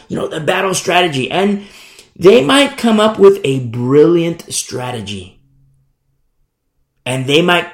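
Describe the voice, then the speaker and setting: A male preacher with a gravelly, rough edge to his voice, teaching scripture with emphatic, rhetorical punch. His voice rings out in an echoey room, and his pitch sits in a middling range for a man. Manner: emphatic, rhetorical, repeats "you see?". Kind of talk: sermon, Bible teaching.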